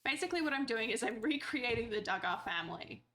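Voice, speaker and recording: Woman, streamer, high-ish and gravelly, cheeky casual commentary, noisy recording. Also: lively intonation, fast talker, fairly bright tone. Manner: playful, chatty, talks to game characters, swears casually.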